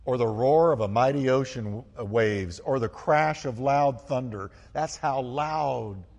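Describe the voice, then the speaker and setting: A man preaches to his church with fervent conviction, his voice at a middle pitch that climbs into loud bursts of praise. He calls the congregation to join in. The sound carries a long reverb from the sanctuary. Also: unhurried, muffled recording. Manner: fervent, rising to loud exclamations; asks the congregation to respond. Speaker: pastor. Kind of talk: sermon.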